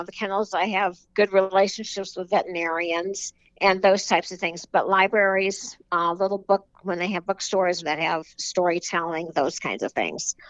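A woman's voice: on the low side, fairly bright tone, dry recording. Chatty woman author, dull dry sound. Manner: chatty and rambling, with fillers and little laughs. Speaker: children's book author. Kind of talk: casual interview talk.

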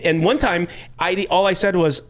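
A man's voice: sits high, steady tone, moderate pace. A man hosting a podcast in casual chat, rambling and restarting his sentences, acting out what others said. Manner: rambling, self-interrupting, acts out quotes. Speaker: podcast host.

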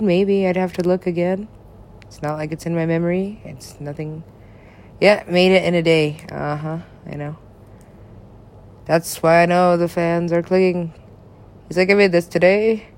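A woman talking in rambling casual chat, laughing often, swearing freely and swinging her pitch up and down. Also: fairly even intonation, a little slow, pauses often, a little mellow. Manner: rambling, frequent laughter, profane asides, big swings in pitch.

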